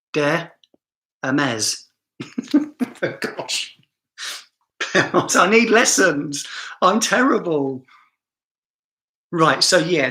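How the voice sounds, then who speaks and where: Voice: medium pitch, sharp tone, echoey room. A fragrance reviewer with a southern English accent, chatting through a live stream in a self-mocking way and laughing often.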